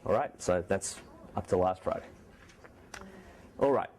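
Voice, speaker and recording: With a deep, darkish voice that's a bit sore, a man gives a university math lecture in a lecture hall. He speaks unhurriedly and conversationally, with frequent restarts and self-corrections.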